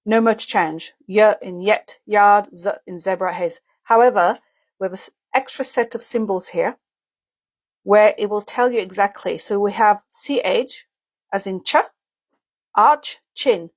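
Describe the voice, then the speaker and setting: An English teacher gives a casual video lesson on a dictionary's pronunciation key, working step by step and sounding out example words. She makes small slips and corrects herself. Her voice is medium-pitched and a little slow.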